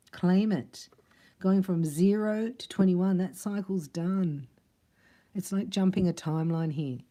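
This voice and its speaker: A woman giving a casual spiritual tarot reading, chatty and quick to laugh. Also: on the low side, mellow. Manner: chatty, laughs often, acts out other voices. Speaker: tarot reader.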